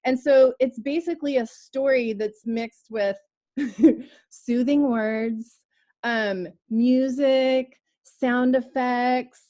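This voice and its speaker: A woman's voice: on the high side, steady tone, slow, dark tone. A woman co-hosting a podcast, talking in a playful, teasing way and swearing casually. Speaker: podcast co-host.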